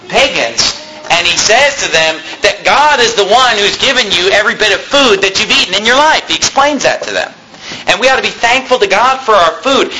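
Preacher guy, high sharp voice, chatty sermon w/ little jokes and chuckles. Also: slight background noise, poor audio. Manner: conversational preaching with humorous asides and chuckles. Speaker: pastor. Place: church hall.

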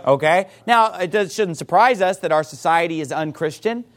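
A pastor preaching a sermon to a congregation, forceful and emphatic, with rhetorical questions. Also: male voice, fairly high pitch, expressive, moderate pace.

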